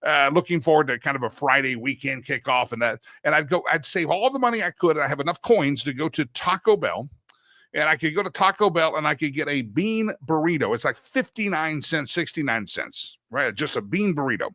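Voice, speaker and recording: Bright-voiced middle-aged male talk host. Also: fairly high pitch, expressive, a little fast, no room sound, clean studio sound. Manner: rambling, anecdotal, self-correcting. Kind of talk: casual talk show monologue.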